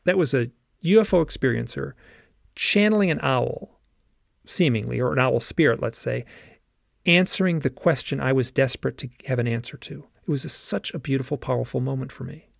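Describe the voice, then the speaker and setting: A man hosting a long-form conversation, telling a personal story in an earnest, meandering way. His voice has a gravelly edge and sits at an ordinary pitch. The recording sounds dry and close. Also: animated, a little fast, dry recording. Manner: earnest, storytelling with many fillers. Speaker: podcast host. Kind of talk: conversational interview.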